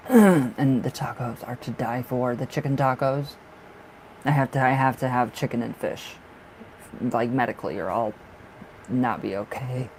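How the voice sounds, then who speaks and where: A man's voice: medium pitch, measured pace, long pauses, darkish tone, slight background noise, low-quality recording. Gushing, affectionate male tarot reader. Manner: gushing and affectionate, calls viewers "my love"; chatty with frequent restarts and repeats. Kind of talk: casual livestream chat.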